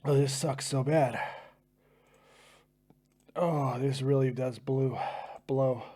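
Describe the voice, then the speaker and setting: A man's voice: medium pitch, fairly even intonation, slow pace, warm tone. Groaning man with a burning mouth. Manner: groaning, swearing, pained from hot pepper. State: mouth burning from hot pepper. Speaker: live stream host. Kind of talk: live stream chat.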